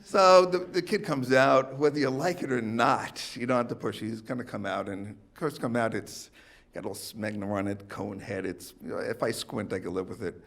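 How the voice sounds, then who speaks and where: A man performing a rambling stand-up set, telling stories with his pitch swinging up for punchlines. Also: steady tone, normal speed, creaky, a bit bright. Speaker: stand-up comic. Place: comedy club stage with audience. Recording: faint audience laughter.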